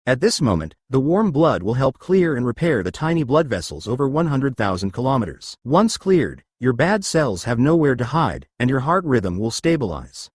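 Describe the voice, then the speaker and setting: A man's voice: medium pitch, sing-song, normal speed, hardly any pauses, husky, no room sound, studio quality. A man teaching an exercise lesson, explaining and often checking whether listeners follow. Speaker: exercise instructor.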